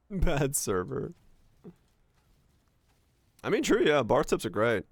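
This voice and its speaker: A man's voice: medium pitch, big pitch swings, slow, no echo. A young man streaming live, chatting casually with viewers, ranting and swearing freely as he talks.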